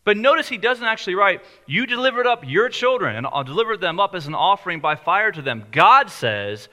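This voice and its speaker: A man preaching a sermon in a conversational way, slowing down on key lines for emphasis. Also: high-pitched, sing-song, bright, forceful tone. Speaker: pastor.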